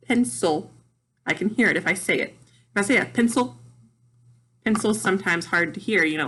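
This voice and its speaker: A woman teaching young children phonics, with a soft, slightly breathy voice at an ordinary middle pitch. She talks slowly and deliberately, sounding out words and clapping out syllables with patient repetition.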